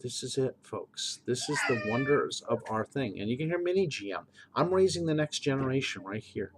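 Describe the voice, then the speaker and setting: A man's voice: mid-range voice, lively intonation, normal speed, slight background noise, low-quality recording. A middle-aged man and game master, talking earnestly in a preachy monologue and repeating phrases for emphasis.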